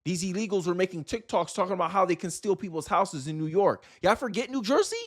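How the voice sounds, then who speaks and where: A man's voice: high-pitched, fast. A man from Florida hosting a political commentary video, ranting heatedly and emphatically in casual slang.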